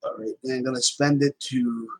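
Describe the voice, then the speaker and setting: A man's voice: medium pitch, steady tone, fairly quick, a little mellow, no echo, poor audio. A man playing a tabletop game, hesitant and checking the rules aloud. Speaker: player. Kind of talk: casual tabletop play.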